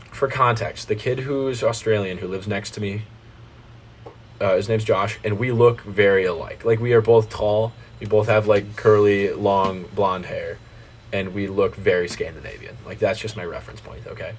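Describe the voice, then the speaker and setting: A young American man telling a story in casual podcast chat, animated and swearing freely, jumping into voices of the people in it. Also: on the low side, moderate pace, a little hiss or hum. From United States. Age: young adult. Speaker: guest.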